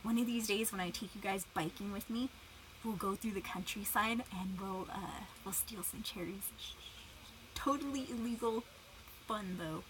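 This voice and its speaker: A woman's voice: mid-range voice, moderate pace, noisy background. A young woman livestreaming in casual chat, giggling, greeting viewers by name and talking while eating.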